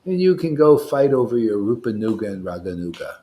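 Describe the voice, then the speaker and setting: A man preaching informally to a devotional group, animated and slangy, often tagging lines with "man". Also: fairly low pitch, fairly quick. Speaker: devotional teacher.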